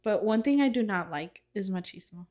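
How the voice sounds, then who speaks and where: A woman's voice: mid-range voice, animated, moderate pace, warm tone. A woman co-hosting a podcast in casual chat, reflective and hesitant, often restarting her sentences. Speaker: podcast co-host.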